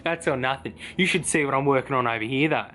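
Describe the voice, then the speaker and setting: A man voicing a crude, washed-up former internet star who lives in a shed, speaking with an Australian accent and gruff, theatrical outbursts. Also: mid-range voice, fast, sharp tone, slight background noise, lightly acted. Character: washed-up hermit ex-YouTuber man living in a shed.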